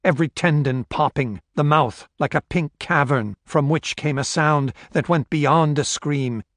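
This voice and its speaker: A man reading a novel aloud in a steady, measured storytelling voice. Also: fairly high pitch, dry recording, clean studio sound. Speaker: audiobook narrator. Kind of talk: scripted narration.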